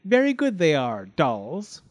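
A man's voice: on the high side, huge pitch swings, slow pace, pitched above the performer's own voice, heavily acted. A man voicing a vain, fierce creature that eats dolls and speaks gleefully. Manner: gleeful, boastful, smacking lips. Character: vain fierce doll-eating male creature.

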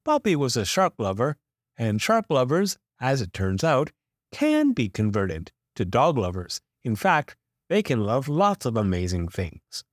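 Slow, lively storybook-reading man. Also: mid-range voice, no echo, studio quality. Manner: expressive, playful emphasis. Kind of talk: children's book read-aloud.

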